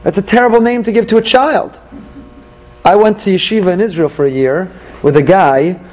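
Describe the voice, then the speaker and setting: A man teaching a Torah class, animated, asking questions and answering them himself. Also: high voice, fairly quick, rough recording.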